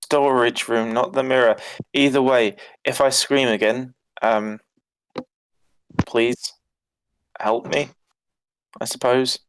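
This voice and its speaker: A man's voice: mid-range voice, steady tone, takes it slowly, long pauses, clear, resonant tone. A man playing a tabletop game, chatty and hesitant, often laughing. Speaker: player. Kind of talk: casual tabletop play.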